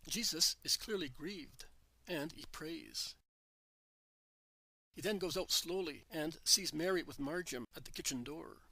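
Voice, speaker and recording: A man narrating a devotional text in an earnest, measured manner. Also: on the high side, bright, forceful tone, dry recording. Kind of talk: scripted devotional reading.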